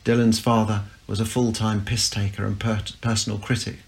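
A man reading a short story aloud in a steady, even narrating voice. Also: on the low side, normal speed, gravelly, hardly any pauses. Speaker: story reader.

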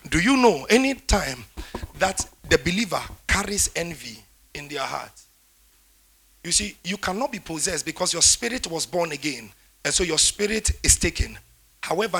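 A man preaching a sermon, emphatic, with declarations that rise loud toward the end. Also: fairly high pitch, animated, normal speed, vocal fry, breathy edge.

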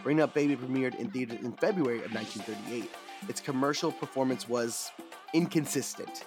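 A man's voice: medium pitch, brisk. Male podcast host with music behind. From Panama. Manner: informative, stumbles and repeats words when talking off the cuff. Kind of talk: scripted film-history narration and casual chat.

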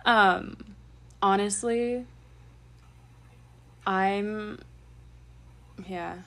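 A young woman chatting casually, telling an excited story with swearing and laughter. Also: medium pitch, very slow. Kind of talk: casual chat.

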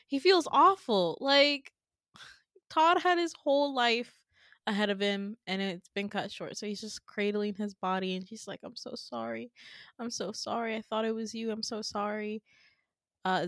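A young woman retells a dream in a casual, animated podcast voice, swearing freely with cheeky asides. Her pitch sits mid-range. The sound is dry and close with no room. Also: no room sound. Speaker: podcast host. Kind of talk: casual storytelling.

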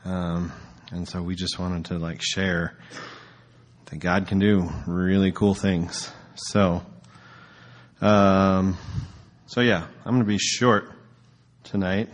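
A man's voice: sits low, steady tone, slow pace. A man preaching casually as a pastor, telling a story in a loose, conversational way with filler words.

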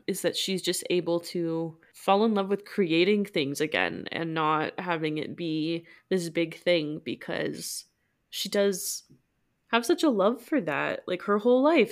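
A woman talking casually on an astrology podcast, earnest and candid. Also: on the low side.

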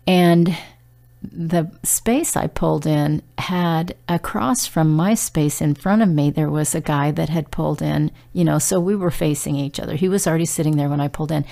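A middle-aged woman talks through a casual devotional message in a low, gravelly voice. She sounds earnest and conversational, pausing on fillers and restarting her sentences as she goes. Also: mellow. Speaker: devotional speaker.

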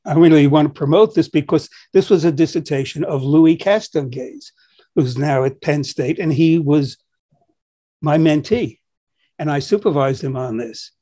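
A man's voice: on the high side, moderate pace. A man co-hosting a conversational discussion as a psychologist, telling stories animatedly and acting out quoted dialogue. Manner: animated storyteller who acts out quoted dialogue. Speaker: psychologist and co-host.

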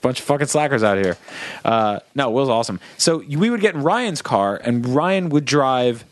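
A man's voice: mid-range voice, animated, normal speed, no room sound. A man from New Jersey co-hosting a comedy podcast, telling a long story and imitating his friends with laughs. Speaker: podcast co-host. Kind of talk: casual storytelling chat.

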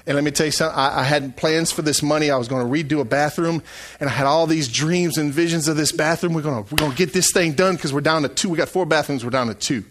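A middle-aged man preaching a sermon as pastor, swinging from hushed asides to loud, shouted calls. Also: on the high side, quick pace.

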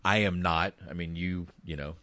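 A man's voice: low voice, fairly even intonation, moderate pace, sharp tone, no echo, studio quality. A man hosting a casual podcast, telling rambling, profane stories about a film. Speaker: podcast host.

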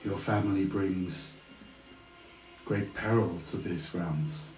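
Regal, sing-song elf queen in a tabletop game, played by a man; calm and kind, slightly lowered voice. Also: takes it slowly, roomy sound, faint music behind, low-quality recording.

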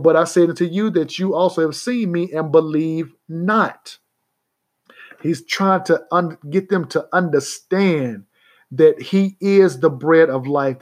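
A man's voice: fairly high pitch, darkish tone. A man preaching a sermon on a broadcast, reading scripture aloud and often asking his listeners if they get it. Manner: reads scripture aloud, slowing down to stress key words. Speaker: radio preacher.

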